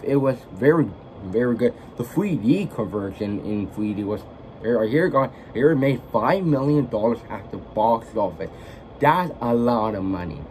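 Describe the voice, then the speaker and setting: Rambling, mellow-voiced man reviewing a film. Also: medium pitch, a little hiss or hum, low-quality recording. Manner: rambling, halting, self-correcting. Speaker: vlogger, film fan. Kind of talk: casual movie review vlog.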